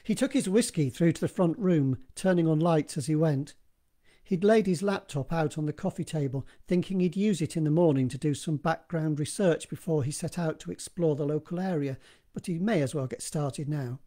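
A man narrating his own horror story in a steady, measured reading, recorded in one live take. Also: fairly high pitch.

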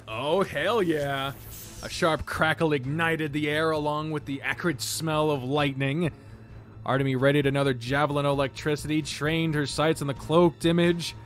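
A man's voice: on the high side, fairly even intonation, moderate pace, a bit bright, faint music behind. A man reading a fantasy visual novel aloud, dropping in casual, profane asides.

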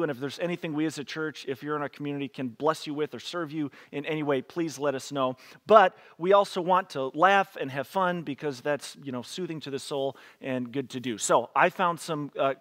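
Joking pastor with a slightly high voice. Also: male voice, fairly bright tone. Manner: chatty and joking, laughs between readings. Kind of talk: casual online sermon. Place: church, streamed online.

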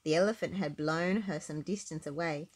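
A woman reading a children's picture book aloud in an expressive, sing-song way. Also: deep voice, moderate pace. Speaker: storybook reader. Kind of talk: children's read-aloud narration.

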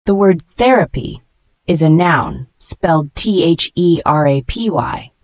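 A woman reading a scripted vocabulary lesson, spelling each word letter by letter and slowing down to pronounce it, with praise for the learner between words. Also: low voice, lively intonation, a little mellow, dry recording. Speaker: English vocabulary teacher.

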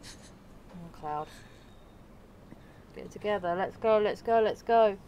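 Her voice is medium-pitched, slow, and a little mellow, with the highs cut off and slight background noise. She's a gamer narrating her playthrough in let's play style, getting emotional, cursing often, and laughing on the side.

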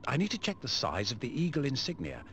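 A man's voice: mid-range voice, sing-song, fast, fairly bright tone, slight background noise. A man voicing a polite, well-spoken prisoner-of-war forger in video game dialogue. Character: polite British POW camp forger, upbeat.

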